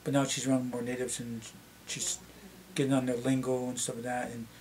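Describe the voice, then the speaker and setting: A middle-aged man with a Canadian accent and a slightly deep voice, chatting casually to camera and rambling with many restarts. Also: flat delivery, a little fast, darkish tone. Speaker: vlogger.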